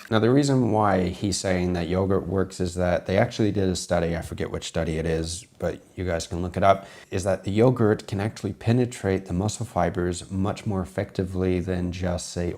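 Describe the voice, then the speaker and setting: A man's voice: deep voice, a little mellow. A man, a chef, casually commenting on a cooking video and explaining tips to viewers, his voice a little strained from being sick. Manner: explanatory, talks to viewers as "guys". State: voice strained from recent illness.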